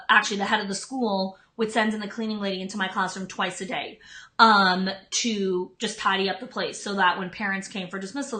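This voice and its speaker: Female, 30s, live-stream host; bright voice, mid pitch, chatty and casual with lots of fillers. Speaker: live-stream host giving leadership tips.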